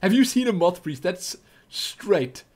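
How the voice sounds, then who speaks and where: A man giving excitable, chatty commentary over his game, often exclaiming and joking. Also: sits high, measured pace. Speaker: let's play gamer. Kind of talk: live gameplay commentary.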